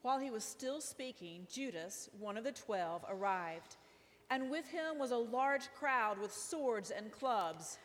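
Woman, scripture reader, solemn, slightly high voice, reverberant hall. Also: lively intonation, unhurried. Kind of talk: liturgical group reading.

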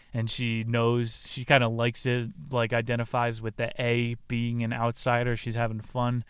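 A man talks through a book summary in a loose, irreverent way, tossing in crude jokes and laughing asides. His voice is smooth and clear at a middle pitch. It is recorded dry inside a car, with no echo. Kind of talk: casual chat.

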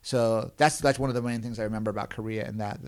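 A man's voice: fairly even intonation, fast talker, clear, resonant tone. A man, a clown performer and podcast guest, telling stories in a casual interview. He rambles with many restarts and chuckles. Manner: acts out other people's panicked lines in a higher voice.

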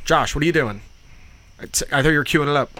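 A man's voice: fairly high pitch, a little fast, bright, forceful tone. A man co-hosting a podcast, joking and teasing in casual banter. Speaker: podcast co-host.

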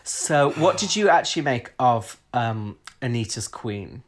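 A man's voice: medium pitch, expressive, a little slow. A man from Britain co-hosting a podcast, giving frank, opinionated takes in casual chat. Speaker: podcast co-host. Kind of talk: casual chat reviewing a TV episode.

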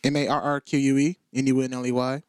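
A man's voice: medium pitch, level tone, quick pace, darkish tone, clean tone, no room sound, studio quality. A man speaking as a playful guest on a casual podcast.

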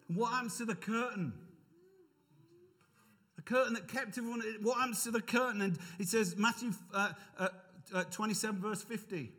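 A man preaching a sermon as pastor, animated and emphatic, with asides to his congregation. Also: sits high, brisk, breathy edge. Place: church.

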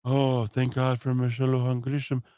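A man putting on a halting, mock-grateful older man with a fake New Mexican Spanish-tinged accent. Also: mid-range voice, completely flat delivery, dark tone, clean tone, dry recording, clean studio sound, close to an everyday voice. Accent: put-on New Mexican Spanish-tinged. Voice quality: halting, stammering, drawn out. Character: rambling grateful old man, thankful to the governor.

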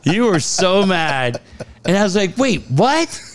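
This co-host has a high-pitched, clean voice and talks a little slowly. On a laid-back podcast, he tells lively stories full of laughter and cursing.

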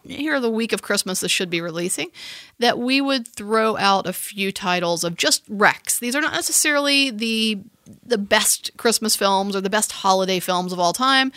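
A woman's voice: mid-range voice, lively intonation, normal speed, sharp tone, no room sound, studio quality. A woman co-hosting a casual podcast, brash and emphatic, laughing often. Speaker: podcast co-host.

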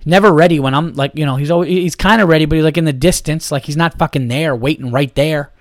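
A man's voice: a little high, quick pace. Fired-up man ranting on his podcast. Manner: heated, profane, rambling. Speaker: podcast host. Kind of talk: solo podcast rant.

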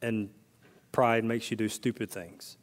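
At a measured pace, a male pastor delivers a sermon in a conversational style, alternating between excited, loud bursts and hushed, low asides. Personal anecdotes run through his preaching.

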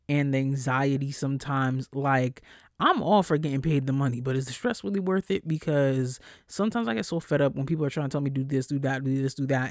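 A podcast host venting in a loose, profane monologue, fed up and animated. The pitch sits in the middle, and the close, dry sound carries almost no room around the voice. Quoted coworkers get mocking high voices. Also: dry recording. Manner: profane, exasperated, animated storytelling. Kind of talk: casual solo rant.

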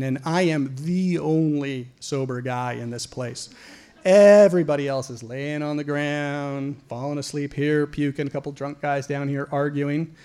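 A man from Idaho telling a personal story to an audience, animated and profane, often stumbling into repeated words. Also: mid-range voice. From Idaho, USA.

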